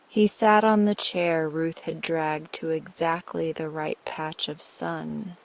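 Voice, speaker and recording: Slow, low-voiced woman narrating a sleep story. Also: vocal fry, low-quality recording. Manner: soft, slow and soothing. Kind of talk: calm scripted bedtime story narration.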